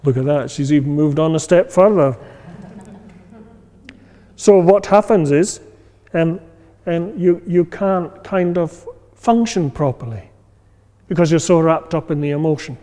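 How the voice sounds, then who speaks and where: In an informal class talk, a meditation teacher speaks unhurriedly in a warm, somewhat high male voice. His delivery is loose and conversational, packed with fillers and checks for understanding, and he acts out inner voices. The sound carries a long hall reverb.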